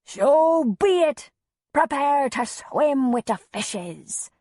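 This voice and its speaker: A woman voicing a playful mother who plays a bellowing pirate in a bad Cockney accent, loud and theatrical. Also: sits high, slow pace, no room sound, clean studio sound, voice pushed up. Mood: hammy threat. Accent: bad Cockney put-on.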